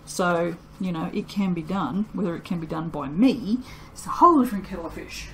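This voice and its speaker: A tired woman chats through a soap-making vlog, joking at her own expense and laughing often. Her voice sits at an ordinary middle pitch, with a faint hum of room noise behind her. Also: expressive, measured pace, fairly bright tone. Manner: chatty, self-mocking, laughs often. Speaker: soap maker. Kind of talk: casual vlog chat while working.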